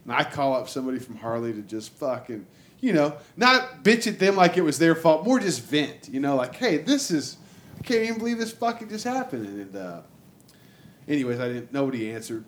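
A man telling a long road-trip story in casual, profane chat, jumping into higher voices to act out what people said. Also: normal speed. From Texas. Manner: animated, acts out quotes in a raised voice, lots of "like" and swearing. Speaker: storyteller guest.

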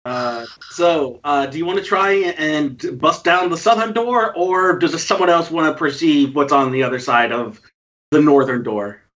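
A man running a tabletop game as game master, halting and full of fillers as he describes the scene. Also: a little high, a bit bright, lo-fi sound.

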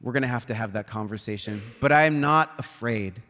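Man, guest preacher, casual storytelling sermon, mid-pitched voice, long hall reverb. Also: a little fast, fairly bright tone, soft background music. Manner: casual retelling with frequent "like" and "she's like" quotes. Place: church sanctuary.

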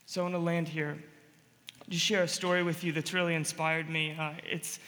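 Male pastor, sermon storytelling, high voice, long hall reverb, loud then hushed. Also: level tone, moderate pace. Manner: storytelling, swings from loud emphatic to quiet and hushed.

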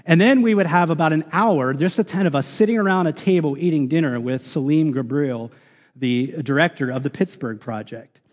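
Pastor, young man, earnest sermon delivery with ums; slightly high voice, reverberant sanctuary. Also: brisk. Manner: earnest, reads scripture aloud with many ums. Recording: long reverb of a large hall.

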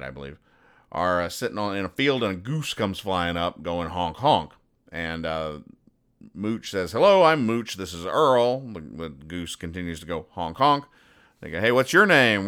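Host note: low-voiced man, crisp clear tone, deadpan joke explainer. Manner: dry, over-explains jokes with fillers. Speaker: podcast host reading comics.

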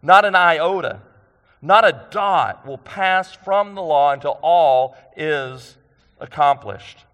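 A man's voice: on the high side, lively intonation, slow, fairly bright tone. A man preaches a sermon in a church sanctuary. His delivery is conversational, full of rhetorical questions and emphatic repetition. A long reverb trails each phrase. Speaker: pastor.

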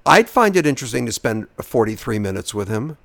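A man co-hosting a casual movie-review podcast, talking in an animated way and often repeating himself for emphasis. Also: medium pitch, fairly quick, gravelly, dry recording. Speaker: podcast co-host.

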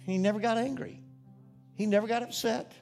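A middle-aged preacher with a high, light voice tells a homey story from the pulpit and builds into earnest, fervent preaching. Faint music plays softly beneath him. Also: male voice, steady tone, brisk. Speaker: pastor. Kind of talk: sermon with personal story.

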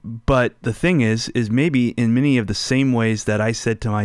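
A man preaching a sermon, telling a family story in a chatty way, asking the listeners questions and going soft and slow on key lines. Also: mid-range voice, fairly even intonation, clear, resonant tone, no room sound, clean studio sound. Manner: conversational, asks listeners rhetorical questions.

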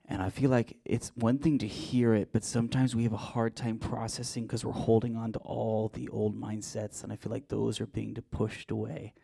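Gravelly-voiced man leading prayer declarations. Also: fairly low pitch, flat delivery, normal speed, hardly any pauses, mellow. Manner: leads the congregation in repeat-after-me prayers and declarations. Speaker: pastor. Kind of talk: charismatic sermon and prayer ministry.

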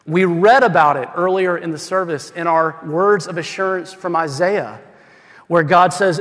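A man preaching a sermon as pastor, swinging from loud emphatic lines to quiet, slow, intimate passages. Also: high-pitched. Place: church sanctuary. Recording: hall with long reverb.

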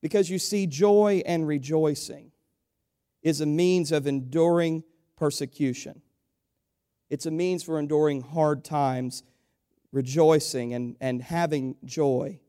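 High voiced guy preaching a sermon, keeps calling people church, gets big and emphatic. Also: fairly even intonation, slow pace, dark tone, smooth. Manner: rising to emphatic repeated exhortations; addresses listeners as church.

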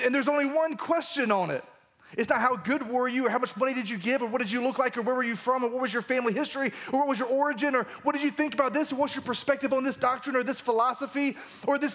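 A man's voice: very high voice, a bit bright. A man preaching a sermon as pastor at a church service, reading scripture and explaining it in a conversational, emphatic way.

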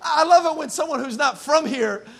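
High-voiced animated man preaching. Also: normal speed, creaky. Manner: animated, self-mocking, acts out scenes with shouts. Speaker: pastor. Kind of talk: humorous sermon storytelling. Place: church auditorium with live congregation.

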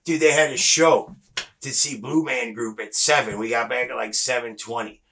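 Bright-voiced man telling a wild story. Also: medium pitch, normal speed, creaky, slight background noise. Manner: animated, swears freely, acts out dialogue. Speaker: guest. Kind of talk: casual storytelling chat.

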